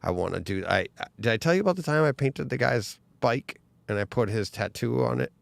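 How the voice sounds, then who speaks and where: A man in casual podcast chat, telling an animated story and acting out other people's lines. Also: mid-range voice, brisk, vocal fry, no echo.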